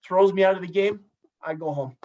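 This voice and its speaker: A man's voice: high-pitched, brisk. Profane man telling a story. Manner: animated, profane, acts out dialogue. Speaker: podcast guest, former hockey goalie. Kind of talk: casual storytelling. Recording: slightly distant, dull lo-fi sound.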